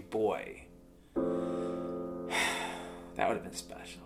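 A man's voice: on the low side, sing-song, very slow, vocal fry, long pauses, over loud music. A man delivering a sarcastic, profane monologue rant, telling stories and complaining as a show host.

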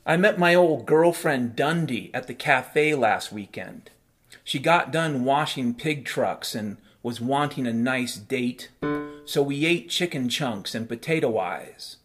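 A man delivering a rambling monologue, profane and sardonic, sliding into deadpan absurdist storytelling. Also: mid-range voice, slow. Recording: faint piano music behind.

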